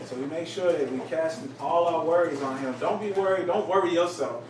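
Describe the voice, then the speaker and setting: Male group leader, lively storyteller, slightly high voice, picked up from a distance in an echoey, noisy room. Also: fairly quick. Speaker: teacher leading a group study. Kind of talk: casual group teaching.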